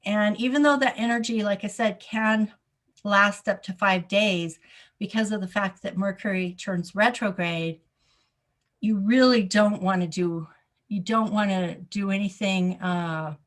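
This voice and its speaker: Slow, deliberate woman astrologer. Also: medium pitch. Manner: deliberate, repeats key points for emphasis; frequent ums and uhs. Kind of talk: casual solo astrology talk.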